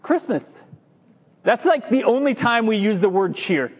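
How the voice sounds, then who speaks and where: A male pastor with a very high voice delivers a lively sermon to his congregation. He lingers on the words he wants to land and trips over himself now and then. His voice rings through the long reverb of a church hall. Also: a little slow, breathy edge. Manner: lively preaching, stretches key words, stumbles and restarts. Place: church sanctuary.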